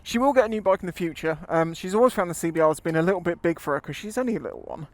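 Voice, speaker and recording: A man's voice: high-pitched, very fast, hardly any pauses, no echo. A man chatting casually on a motorcycle ride, rambling and laughing easily. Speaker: motovlogger. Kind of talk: casual chat while riding. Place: outdoors on a motorbike in town traffic. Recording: loud road and traffic noise.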